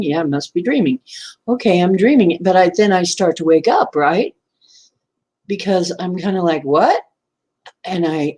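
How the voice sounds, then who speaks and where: Slow, husky-voiced woman telling a story. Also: sits low, a little mellow. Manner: rambling, self-correcting, laughs often. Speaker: channel host. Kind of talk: casual storytelling to camera.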